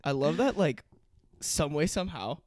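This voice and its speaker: A man's voice: a little high, big pitch swings, normal speed, darkish tone, dry recording, clean studio sound. A man in his twenties co-hosting a podcast, chatting casually in a laid-back, drawling way, full of fillers and swearing. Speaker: podcast co-host. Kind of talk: casual chat.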